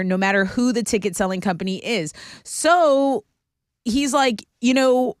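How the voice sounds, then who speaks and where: A woman's voice: a little high, no echo, studio quality. A woman, co-hosting a radio show and reading the news headlines in a chatty way. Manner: chatty, quick, reads news items. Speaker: news co-host. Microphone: studio microphone.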